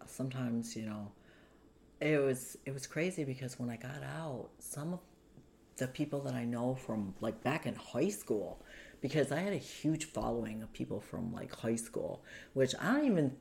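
Guest storyteller: woman, strikingly low and gravelly voice, chatty with lots of fillers, faint hiss. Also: animated, moderate pace, darkish tone. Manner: chatty, many fillers, acts out quoted people. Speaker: guest telling her life story. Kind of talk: casual conversational storytelling.

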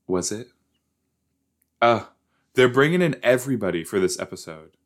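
A man hosting a casual reaction show about a TV episode, excitable and joking, with sudden jumps into high squeals. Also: normal speed.

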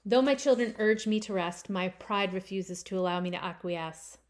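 A woman reading her own first-person short story aloud, with expressive swells on key phrases. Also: medium pitch, moderate pace.

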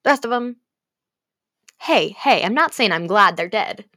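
A young woman talking straight to her viewers about a story she loves. She swears freely and lurches from hushed whispers to loud gasps and near-shouts. Her voice sits in a middle pitch, recorded dry and close. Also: animated, a little slow, no echo. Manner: dramatic, swings between gasps, whispers and shouting. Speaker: fanfiction vlogger. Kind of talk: emotional casual rant about a book.

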